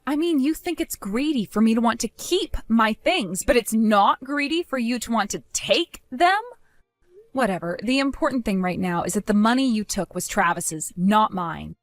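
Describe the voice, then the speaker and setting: An actress voicing a calm young woman defending her savings, speaking in a firm, measured, articulate way in a voiced story drama. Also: a little high, no echo, studio quality, faint music behind.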